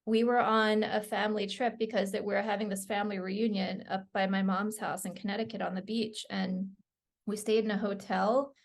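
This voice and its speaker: A middle-aged woman appears as a guest author on a podcast, telling stories in casual conversation. Her gravelly, medium-pitched voice moves at a moderate pace, and she is animated and laughs often.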